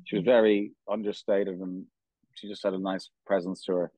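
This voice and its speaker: Rambling Irish man, low and dry. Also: flat delivery, mellow, no echo, rough recording. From Ireland. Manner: rambling, halting, many restarts and fillers. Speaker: company founder, guest. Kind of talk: casual storytelling interview.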